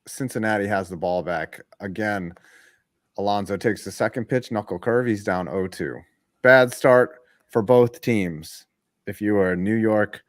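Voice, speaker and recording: A man's voice: low-pitched, no room sound, clean studio sound. Joking, profane man calling games. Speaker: host and play-by-play caller. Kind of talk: casual sports commentary.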